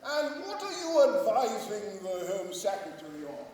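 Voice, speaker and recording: A man's voice: high voice, big pitch swings, moderate pace, a little mellow, slight background noise. A man playing a pompous late-night news interviewer in a live comedy sketch, questioning with dry mock seriousness. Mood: probing. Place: large old church used as a cabaret venue. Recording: echoey church hall from far off.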